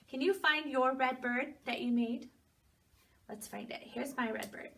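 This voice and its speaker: A woman with a high, bright voice teaches preschoolers in a gentle, encouraging tone and sings the story's lines. She sounds a little distant from the mic. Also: unhurried, vocal fry. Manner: gentle, encouraging, sing-song story phrasing. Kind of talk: preschool lesson for young children.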